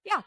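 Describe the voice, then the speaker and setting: A jet-lagged woman co-hosting a podcast, chatting casually and telling animated, profane stories. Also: dry recording. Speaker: podcast co-host. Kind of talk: casual chat. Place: indoors at a table.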